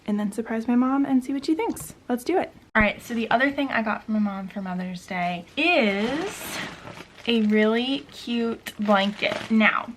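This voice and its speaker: A young adult woman chatting casually in a vlog, bubbly and chatty, laughing often and sometimes dropping to a soft near-whisper. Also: a little high, unhurried, slight background noise, rough recording. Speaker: vlogger.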